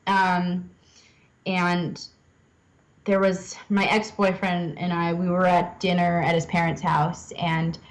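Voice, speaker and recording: A woman's voice: lowish voice, rough recording. Chatty young woman podcast guest. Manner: chatty, self-deprecating, laughs often. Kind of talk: casual interview chat.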